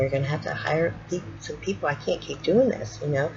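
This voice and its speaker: A woman's voice: deep voice, quick pace, creaky. A middle-aged woman rambling through family stories in a casual vlog, with many fillers and acted-out quotes. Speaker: vlogger. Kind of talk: casual storytelling. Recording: dull lo-fi home video with noise.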